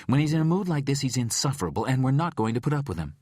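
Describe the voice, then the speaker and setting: A man's voice: medium pitch, sing-song, racing, darkish tone, slightly rough, dry recording, studio quality, voice pushed up. A man voicing a blunt, exasperated male caretaker who scolds his employer in an audiobook. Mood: scolding. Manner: curt, scolding.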